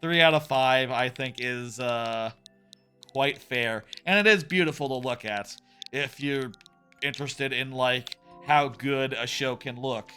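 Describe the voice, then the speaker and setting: A man's voice: mid-range voice, measured pace, pushed and bright. A young adult man streaming a game, chatting casually in a rambling, wry way, swearing now and then. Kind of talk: casual chat while playing. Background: faint game music.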